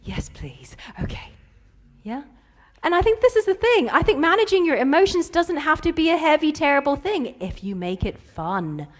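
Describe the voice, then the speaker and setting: Woman in her thirties, keynote speaker, playful, lively delivery. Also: high voice, a little fast, hardly any pauses. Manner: playful storytelling with acted-out quotes. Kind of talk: conference keynote.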